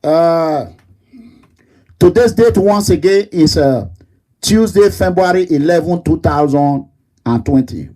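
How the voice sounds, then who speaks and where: High-voiced nigerian guy ranting politics, fiery, keeps repeating himself. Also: darkish tone, poor audio. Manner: fiery, repetitive, denouncing. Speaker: online political commentator. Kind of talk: political livestream rant.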